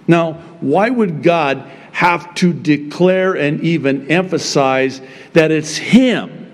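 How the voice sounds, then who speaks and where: A man preaching a sermon as pastor, opening in prayer and then speaking with slow, emphatic delivery. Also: on the high side, sing-song, in a large hall.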